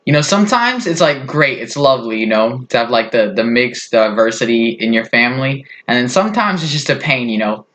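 A man's voice: mid-range voice, expressive, a little fast, few pauses, fairly bright tone. A man casually telling a funny family story on his vlog, rambling with lots of fillers. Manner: rambling, full of "like" and "you know". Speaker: vlogger.

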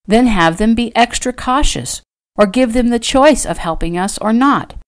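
A woman's voice: fairly high pitch, lively intonation, moderate pace, voice pushed up, close to an everyday voice. A woman voicing an earnest, emphatic young woman. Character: young woman, worried and determined.

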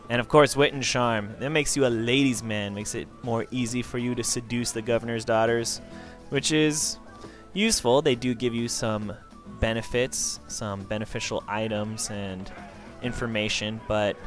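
A man's voice: lowish voice, a bit bright. A man giving casual, enthusiastic let's play commentary as he walks through a game. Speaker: gameplay commentator.

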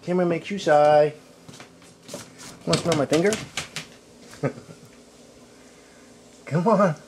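A man's voice: on the high side, slow, background noise. A man filming his pets at home and in the yard, talking to them in a playful, teasing, sing-song way through the camera's own mic. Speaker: pet owner filming his animals. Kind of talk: casual talk to pets behind the camera. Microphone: handheld camera mic.

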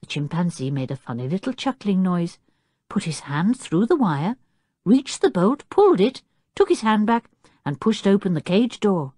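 A woman narrating a children's audiobook, telling the story clearly and expressively while doing the characters' voices. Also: medium pitch, sing-song, moderate pace, dark tone, no room sound, clean studio sound.

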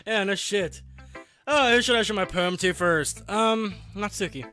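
A man's voice: high voice, measured pace, pushed and bright, faint music behind. Laughing, sarcastic young man. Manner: laughing, profane, sarcastic reactions. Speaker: gaming channel host. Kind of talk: let's play commentary.

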